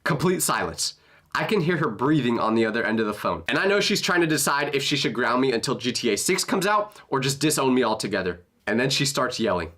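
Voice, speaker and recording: A young man tells a comedic story with a bright, forceful voice that leaps all over the place. He is expressive and jokey, and his pitch swings freely. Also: fast talker.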